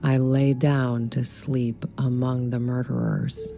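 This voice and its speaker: A woman reads a poem in an extremely deep, gravelly voice. Her delivery is flat, solemn and very slow, and she sounds dark and mellow. Faint music plays underneath. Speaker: poetry reader. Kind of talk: slow poetry reading.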